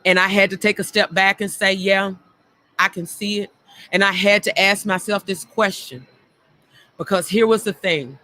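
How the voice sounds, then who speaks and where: A woman's voice: mid-range voice, moderate pace, sharp tone. A middle-aged woman hosting a talk show, speaking frankly and earnestly about her own past and repeating phrases for emphasis. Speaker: show host. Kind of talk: reflective personal talk.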